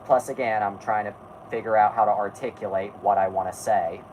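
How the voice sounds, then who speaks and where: A man's voice: on the low side, fairly even intonation, a little fast, darkish tone, a little hiss or hum, low-quality recording. A man hosting a casual live stream who halts, rambles and restarts his sentences while he talks to his chat and co-hosts. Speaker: podcast host.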